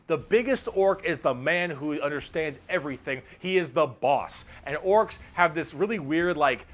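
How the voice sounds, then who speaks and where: An excitable man explains a tabletop war game with gusto, cursing often. His voice sits a little high for a man. He drops in quick bits of character mimicry along the way. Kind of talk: animated casual explanation.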